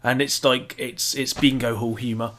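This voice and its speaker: A man's voice: medium pitch, level tone, moderate pace, pushed and bright. A man co-hosting a podcast, chatting casually and cutting in with comments. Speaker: podcast co-host. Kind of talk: casual chat.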